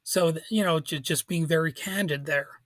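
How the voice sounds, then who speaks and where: Guy hosting a podcast, slightly high voice, kinda halting, talks off the cuff, dry close mic. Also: dry recording. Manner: informal, halting, with restarts and soft laughs. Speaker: podcast host. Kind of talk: casual political commentary.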